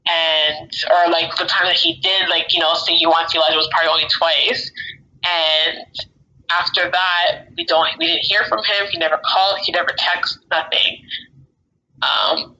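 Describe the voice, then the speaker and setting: A woman speaking in halting, emotional casual conversation, leaning heavily on fillers. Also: lowish voice, sharp tone, dull audio. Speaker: mother sharing her story.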